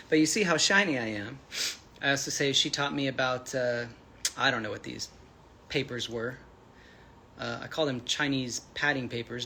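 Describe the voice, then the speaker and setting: A man talks casually to his viewers on a livestream, friendly and rambling, full of fillers and restarts. His voice sounds bright. A faint room hum sits under the webcam-style recording. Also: mid-range voice, creaky. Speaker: livestream host answering chat.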